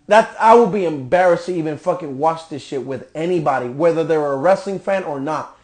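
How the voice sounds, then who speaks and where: A man's voice: on the high side, lively intonation, normal speed, a little mellow. A man hosting a podcast, reviewing a wrestling show in a profane, exasperated rant. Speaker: podcast host.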